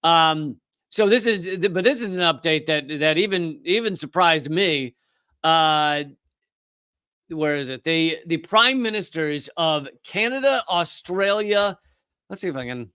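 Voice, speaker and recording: A man hosting a live political commentary stream, talking fast and heatedly with frequent restarts. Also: fairly high pitch, animated, pushed and bright, clear, resonant tone, no room sound. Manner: impassioned, fast, with restarts and profanity.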